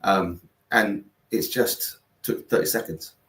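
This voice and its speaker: A man's voice: low voice, takes it slowly, a bit bright. A middle-aged man, a guest founder, talking in a rambling, earnest way full of fillers and restarts. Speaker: guest, founder of a kindness platform. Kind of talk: casual conversation. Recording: roomy, distant mic.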